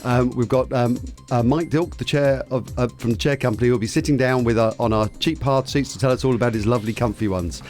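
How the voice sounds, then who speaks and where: A man's voice: mid-range voice, fast, few pauses, a little mellow, soft background music. A man hosting a local business radio show in a studio, chatty and self-deprecating, often stumbling over names. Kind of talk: casual radio talk.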